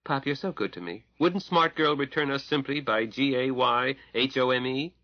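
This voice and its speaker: A man's voice: mid-range voice, moderate pace, dry recording, highs cut off, voice pushed up, natural voice. A man reading an audiobook, voicing an eager, playful young woman who is a scientist's daughter. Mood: teasing. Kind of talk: audiobook character voice.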